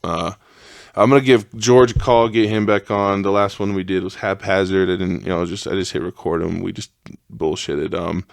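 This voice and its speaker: Solo podcast host, young man, fired-up profane rants, lowish voice, dry close sound. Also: steady tone, moderate pace, gravelly, no room sound. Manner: profane, heated rant that rises in pitch.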